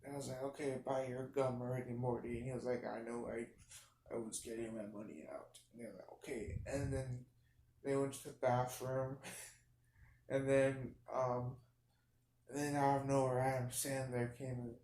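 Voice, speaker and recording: A young man quietly telling a goofy, meandering made-up story as a vlogger, with many restarts and fillers. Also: mid-range voice, fairly even intonation, normal speed, a little hiss or hum. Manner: speaks quietly. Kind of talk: rambling improvised storytelling. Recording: roomy echo.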